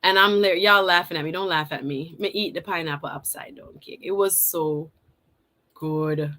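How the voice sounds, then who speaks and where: A woman, hosting a live stream and telling a story in a casual, animated way. She laughs often and acts out her own lines. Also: on the low side, normal speed, gravelly. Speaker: host.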